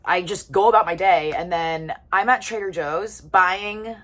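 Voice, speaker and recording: Young woman, twenties, lowish voice, casual storytime vlog, chatty, eats while talking. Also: measured pace, fairly bright tone. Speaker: vlogger. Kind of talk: casual storytime chat to camera.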